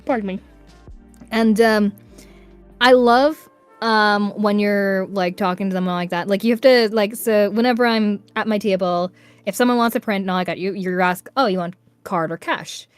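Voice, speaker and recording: Northern irish woman gabbing on a stream, super chatty and animated, faint music under it. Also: medium pitch, moderate pace, smooth, no room sound. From Northern Ireland. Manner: chatty, animated, laughs often. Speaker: voice actor guest. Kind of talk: casual chat on a livestream.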